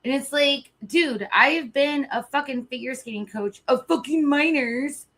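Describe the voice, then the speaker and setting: A woman's voice: high-pitched, a little slow, a bit bright, a little hiss or hum. A woman live streamer chatting casually, rambling, swearing freely and restarting sentences, a little emotional.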